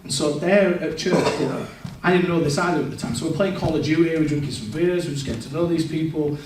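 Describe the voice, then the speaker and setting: In a large, echoey church hall, a man with a slightly high voice talks fast over a noisy background as a distant mic records him. He shares a frank personal testimony during the service, recounting his story and quoting his past self.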